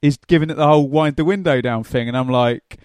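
A man's voice: on the high side, quick pace, a little mellow, clear, resonant tone, no room sound, clean studio sound. A man from England co-hosting a casual football podcast, telling anecdotes with easy laughter. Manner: chatty storyteller, laughs through anecdotes. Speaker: podcast co-host.

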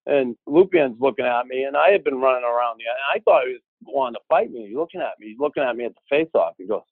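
A man telling a long casual anecdote, lively and acting out the voices of the people he quotes. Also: mid-range voice, fast, gravelly, dry recording. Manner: animated, acts out quoted voices. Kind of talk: casual storytelling. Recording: tinny phone-like audio.

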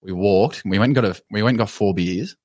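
A man with an Australian accent telling a story on a podcast in a casual, animated way, swearing and laughing as he goes. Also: fairly low pitch, fairly quick, no room sound. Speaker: podcast co-host.

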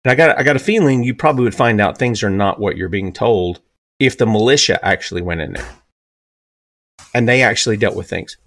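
A man's voice: fairly bright tone, no echo. Emphatic Southern man in his fifties. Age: 50s. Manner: emphatic, rhetorical questions, pitch jumping up on key points. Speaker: radio talk show host. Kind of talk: opinionated talk radio commentary.

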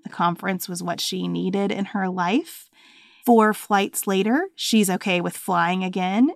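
A woman with a medium-pitched, creaky voice co-hosts a podcast, chatting casually and telling stories conversationally. The sound is dry and of studio quality.

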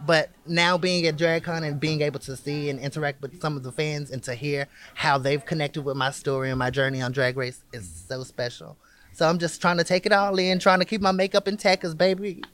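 A man's voice: a little high, flat delivery, brisk, fairly bright tone. A man speaking as a drag performer in an interview, exuberant and sassy, calling people honey and baby. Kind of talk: animated interview answers.

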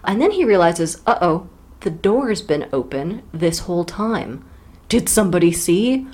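A woman's voice: on the low side, very animated, measured pace, a little mellow. A woman co-hosting a casual book podcast, teasing her partner and then reflecting thoughtfully on the writing. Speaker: podcast co-host.

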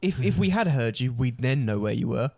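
A man talks at an ordinary pitch in casual conversation. He hesitates and restarts his sentences. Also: lively intonation, a little fast, gravelly, a little mellow. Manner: hesitant, stammering explainer. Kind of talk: casual chat.

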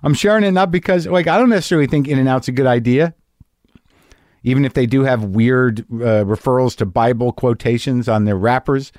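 A man's voice: medium pitch, a little fast, darkish tone, no room sound. A man hosting his own podcast in a rambling solo monologue, wry, self-deprecating and freely profane, speaking from a home garage studio. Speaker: podcast host.

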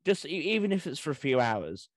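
Relaxed man telling anecdotes. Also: a little high, fairly quick, no room sound. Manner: relaxed anecdotal storytelling with fillers. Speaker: history podcast co-host. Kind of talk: casual conversation.

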